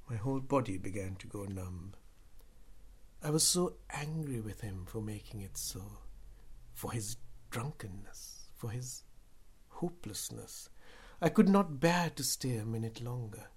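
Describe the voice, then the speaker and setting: A man reading a first-person story aloud in a measured, subdued way that sometimes drops to a whisper. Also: medium pitch, darkish tone, husky. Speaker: narrator.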